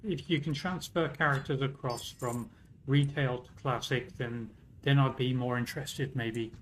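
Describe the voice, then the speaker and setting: A man's voice: mid-range voice, steady tone, measured pace, slight background noise, poor audio. A man from Britain with a British accent, chatting casually and self-mockingly on a game livestream, swearing now and then. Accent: British English. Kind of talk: casual gaming stream chat.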